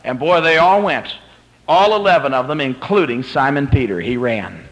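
A male preacher giving a sermon at a convention, retelling a story dramatically and swinging from hushed to climactic. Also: mid-range voice, lively intonation, normal speed, poor audio.

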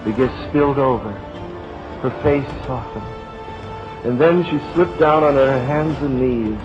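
Preacher telling a story, soft and dramatic. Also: male voice, medium pitch. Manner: dramatic, slows and drops to a hush. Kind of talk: sermon storytelling. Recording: dull lo-fi recording with music.

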